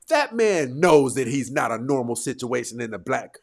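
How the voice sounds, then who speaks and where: A man's voice: medium pitch, big pitch swings, normal speed, vocal fry, hardly any pauses. A man hosting a livestream, casually commenting and reacting to viewers' comments, talking back to the chat with bursts of laughter. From United States.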